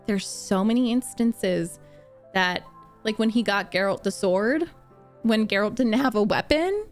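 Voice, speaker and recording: A young woman streamer chatting casually with live viewers, gushing, animated and laughing often as she answers their comments. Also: mid-range voice, measured pace, soft background music. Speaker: streamer reacting to a book series.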